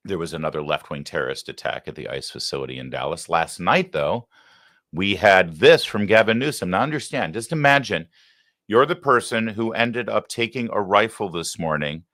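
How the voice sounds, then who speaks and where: Into a close studio mic, a man hosting a live political commentary show talks with sarcasm and combative heat. His low-pitched voice has a bright, forceful tone, with no room sound.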